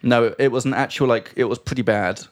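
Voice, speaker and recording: A man's voice: mid-range voice, fairly quick. A man hosting a podcast in casual chat, talking in an upbeat, self-mocking way and laughing often. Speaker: podcast host.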